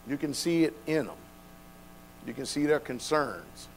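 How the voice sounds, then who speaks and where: A man preaching a sermon, dropping to quiet, low passages and then building to loud, shouted exhortation. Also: animated, measured pace, a little hiss or hum, rough recording.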